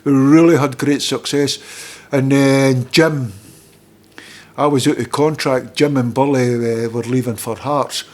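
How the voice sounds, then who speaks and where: A middle-aged Scottish man, a former footballer, telling lively stories in casual chat as a podcast guest and acting out other people's lines. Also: medium pitch, a little slow. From Scotland. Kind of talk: casual anecdotal storytelling.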